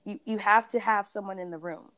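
A woman's voice: mid-range voice, fairly even intonation, fairly quick, sharp tone. A woman in a casual conversation about beauty brands, a reviewer and blogger who tells her stories with animation and acts out other people's voices.

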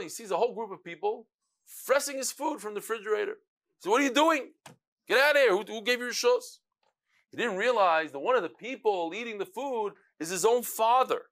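Animated high-voiced male Talmud teacher. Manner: animated, acts out quoted speakers, mixes Hebrew and Yiddish terms. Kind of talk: Talmud class lecture.

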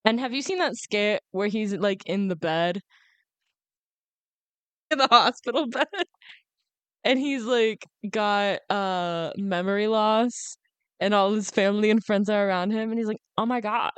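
A woman's voice: mid-range voice, unhurried, clear, resonant tone, no echo. A young woman in her twenties co-hosting a casual podcast, telling stories with frequent giggles. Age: 20s. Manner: giggly, animated storytelling. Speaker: podcast co-host. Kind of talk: casual chat.

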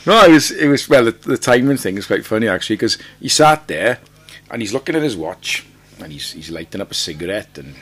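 A Welsh man, lead singer of a band, telling a lively anecdote as a podcast guest, laughing often and repeating himself. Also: lowish voice, fairly quick, breathy edge. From Wales. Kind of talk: casual podcast chat, storytelling.

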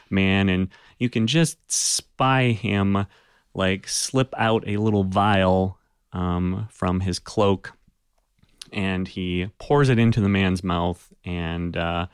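A man's voice: on the low side, smooth, no echo, clean studio sound. A man narrating a tabletop game as game master, in a loose, conversational way with frequent fillers.

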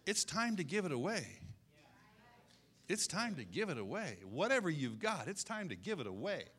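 A man in his sixties preaching a sermon in an animated, conversational way, repeating his key phrases. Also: a little high, normal speed, husky. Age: 60s. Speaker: pastor.

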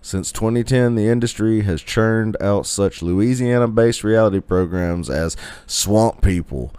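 A man's voice: lowish voice, unhurried, a little mellow, clear, resonant tone, no room sound. A man with a Southern American accent, reading an article aloud and chatting with profane, joking asides in a casual podcast. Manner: jokey, profane, laughs often, comments between read lines.

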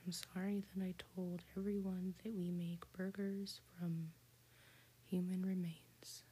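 A woman's voice: fairly low pitch, level tone, unhurried, warm tone. A woman whispering the lines of a blunt young daughter in a whispered role-play. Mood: plain. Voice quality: breathy whisper.

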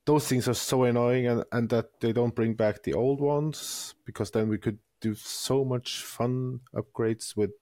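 A man's voice: medium pitch, fairly even intonation, unhurried, few pauses, dark tone, no echo. A man co-hosting a casual podcast chat, talking hesitantly and searching for his words. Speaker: podcast co-host.

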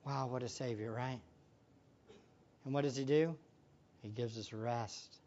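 Delivering a sermon, a male pastor swings between loud, excited exclamations and hushed prayer, laughing often and putting questions to his listeners. He has a mid-range voice and a measured pace. The audio sounds dull.

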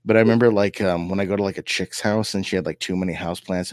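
A man's voice: sits low, fairly even intonation, very fast, no echo. A man co-hosting a casual podcast chat, rambling and stacking "like" fillers, turning preachy at times. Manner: rambling, heavy use of "like" fillers. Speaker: podcast co-host.

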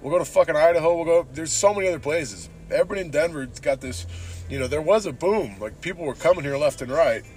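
A man's voice: fairly high pitch, fast, darkish tone, a little hiss or hum. A man from San Diego hosting a podcast from his car, ranting casually and profanely, saying "dude" constantly. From San Diego, Southern California. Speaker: podcast host. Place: in a car while driving.

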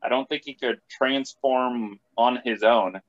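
A man in a casual podcast chat, talking in a halting, hesitant way with many restarts. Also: medium pitch, fairly even intonation. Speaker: podcast regular. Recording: dull lo-fi sound.

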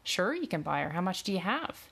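A woman's voice: on the low side, very animated, fairly quick, gravelly, a bit bright, husky, heavily acted. A woman doing a curt, scoffing official. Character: dismissive male estate official in a suit.

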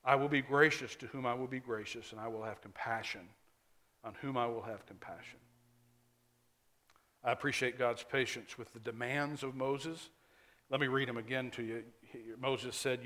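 A male pastor, preaching a sermon earnestly and emphatically, now and then dropping to quiet asides. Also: medium pitch, steady tone, normal speed.

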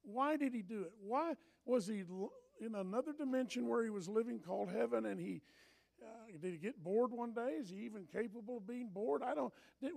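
A man preaching a sermon in an animated, impassioned way, often breaking into shouts. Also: very high voice, a little fast, gravelly.

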